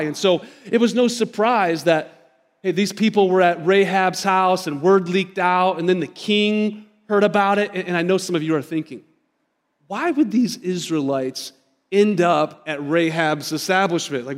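A man's voice: high voice, big-room sound. A man in his thirties, a pastor giving a sermon, telling stories in a conversational way and speaking directly to the congregation. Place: church sanctuary.

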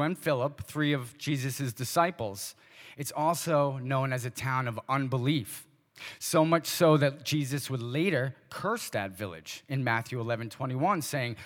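A male pastor preaching a sermon, asking the congregation pointed short questions and dropping into quiet asides. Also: medium pitch, normal speed, in a large hall.

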